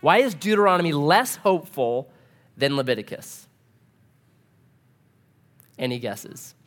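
A pastor preaching a casual, humorous sermon, full of rhetorical questions. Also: male voice, on the high side, sing-song, a little slow, fairly bright tone.

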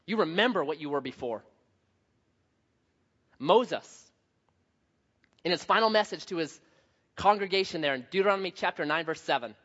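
A man pastor preaching a sermon, telling a story with lively swings from hushed to loud. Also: high-pitched, normal speed, pauses often. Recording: dull lo-fi sound.

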